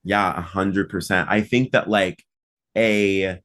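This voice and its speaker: A man hosting a podcast, talking casually with lots of "like" fillers and animated emphasis. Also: low-pitched, slow. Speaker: podcast host and mock trial coach.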